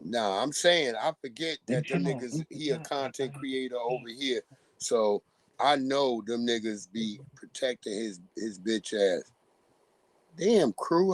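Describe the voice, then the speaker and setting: A man hosting a livestream in blunt, profane, casual chat. His voice is mid-pitched and dry. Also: no room sound. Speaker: livestream host.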